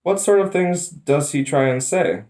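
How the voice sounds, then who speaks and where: A man's voice: fairly high pitch, lively intonation, a little slow, darkish tone, roomy sound, pitched above the performer's own voice. A man voicing a curious, slightly prim young girl in a read-aloud storybook.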